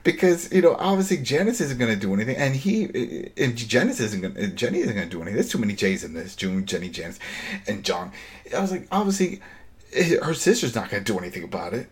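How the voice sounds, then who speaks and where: A man hosting a casual chat, retelling a TV episode in an animated way and acting out the lines. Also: lowish voice. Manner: animated storytelling, acting out scenes, quick laughs. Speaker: podcast host recapping a TV episode.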